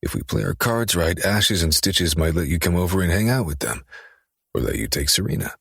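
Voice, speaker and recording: A man voicing a cunning, possessive young man with quiet dark menace, speaking slowly and in a controlled way for an audiobook. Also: low-pitched, animated, gravelly, breathy edge, no room sound, clean studio sound, heavily acted. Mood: calm. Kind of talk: audiobook character reading.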